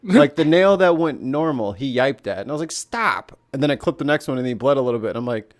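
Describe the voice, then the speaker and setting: A man's voice: medium pitch, expressive, fast talker, darkish tone. A man telling a rambling story in a casual chat with friends, laughing often. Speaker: regular guest.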